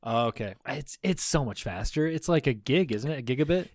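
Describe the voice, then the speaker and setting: A man's voice: medium pitch, expressive, fairly quick, darkish tone, no echo, clean studio sound. Stuffy-nosed young man, laid-back. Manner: laid-back, asks questions, laughs easily. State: clogged nose. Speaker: podcast co-host. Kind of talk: casual chat.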